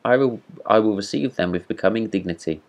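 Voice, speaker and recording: A man's voice: on the low side, brisk, natural voice. A man reading a storybook voicing a pompous, self-important male firework rocket with a haughty, supercilious manner.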